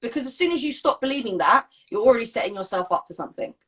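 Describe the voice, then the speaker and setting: Young woman coach, slightly high, frank and sweary, fast talker. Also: animated, a bit bright, breathy edge. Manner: blunt, frank, swears freely, laughs often. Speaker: fitness coach, live-stream host. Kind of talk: casual chat. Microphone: phone, live stream.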